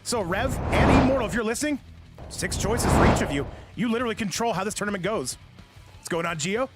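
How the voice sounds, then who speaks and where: Hyped guy commentating a fighting game tournament live, high voice, yelling a lot, loud game music behind. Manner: excited, often shouting, rapid and breathless. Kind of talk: live esports stream commentary.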